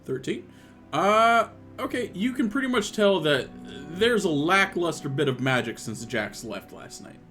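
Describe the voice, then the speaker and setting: A man narrating a tabletop game as game master over an online call, playful and animated. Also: high voice, measured pace, soft background music. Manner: animated, playful, laughing often.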